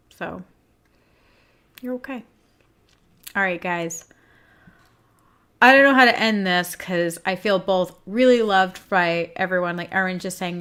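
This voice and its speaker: A woman's voice: on the low side, fairly bright tone. A woman hosting a livestream for groomers, speaking candidly and emotionally while teary-eyed, reading viewers' comments aloud. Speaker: host of a groomer business show.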